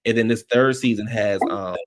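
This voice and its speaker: Low-voiced man rambling on a livestream. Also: fairly even intonation, normal speed. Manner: rambling and loose, full of "like" and restarts. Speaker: livestream host. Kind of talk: casual livestream chat. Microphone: streaming microphone.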